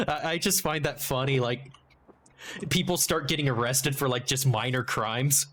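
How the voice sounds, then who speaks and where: A man's voice: mid-range voice, measured pace, a bit bright. A man streaming a game and chatting casually, rambling and joking as he interrupts himself. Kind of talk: casual livestream chat while gaming.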